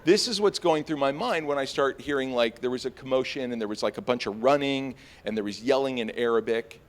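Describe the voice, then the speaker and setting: Talking fairly quickly, a young man on stage tells a story from his own life. It's casual and lively, full of fillers, with sharp high-pitched jumps whenever he quotes his panicked reactions.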